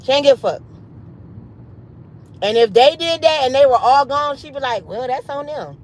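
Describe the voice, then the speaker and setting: A woman in her late thirties telling a story on a livestream in an animated, emphatic, foul-mouthed way. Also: sits high, moderate pace, low-quality recording. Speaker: livestream host.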